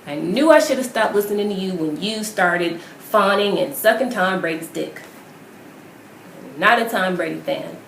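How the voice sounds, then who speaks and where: A woman's voice: mid-range voice, lively intonation, normal speed, vocal fry, fairly bright tone. A woman vlogger delivering a heated, profane rant, firing off rhetorical questions. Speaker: vlogger ranting about basketball. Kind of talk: profane angry rant to camera. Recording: roomy echo with faint noise.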